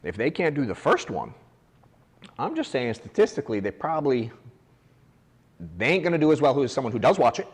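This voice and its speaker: A man's voice: mid-range voice, big pitch swings, brisk, long pauses, slightly rough, big-room sound. A man who runs an agency, coaching his agents in a casual, blunt way with the odd swear word. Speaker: agency owner training agents. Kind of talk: casual coaching talk to a room. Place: office meeting room.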